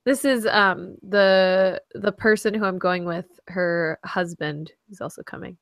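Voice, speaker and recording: A woman's voice: lowish voice, steady tone, a little slow, vocal fry, a bit bright, no room sound, studio quality. A woman co-hosting a podcast in casual banter, teasing and laughing often. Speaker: podcast co-host. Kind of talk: casual pre-show banter.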